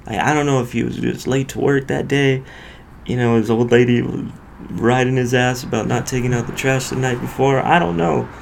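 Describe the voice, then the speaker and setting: A man's voice: mid-range voice, steady tone, normal speed, creaky, a little hiss or hum. A male podcast host casually telling a profane road-rage story in loose street slang.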